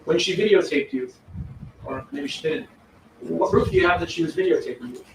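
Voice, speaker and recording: A fairly high-voiced man cross-examines a witness, pointed and insistent about getting yes-or-no answers. He sounds far from the mic in an echoey courtroom, with clear background noise in the recording. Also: expressive, brisk.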